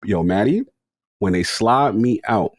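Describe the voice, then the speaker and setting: A man's voice: on the low side, animated, a little slow, no echo, studio quality. A man co-hosting a podcast, telling a story in slang, acting out the people in it and laughing often. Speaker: podcast co-host. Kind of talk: animated storytelling chat.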